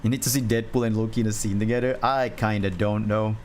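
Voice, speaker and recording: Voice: medium pitch, steady tone, quick pace, a little hiss or hum. A drawing streamer in casual livestream chat, rambling with frequent laughs and restarts while answering chat questions.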